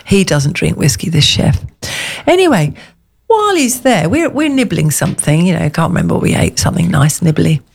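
A woman co-hosting a casual chat, telling rambling, animated anecdotes. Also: lowish voice, a little fast, vocal fry, breathy edge. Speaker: co-host.

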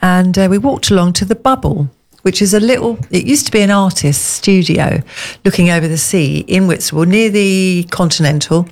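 A woman's voice: fairly low pitch, normal speed, darkish tone. Chatty, gushing middle-aged woman. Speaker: radio co-host. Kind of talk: casual chat.

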